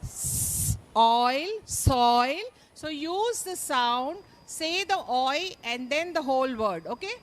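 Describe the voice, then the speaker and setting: A woman's voice: sits high, animated, slow pace. A woman leading a live teacher-training session in phonics, sounding out words letter by letter and quizzing the class with playful, mock-pleading remarks.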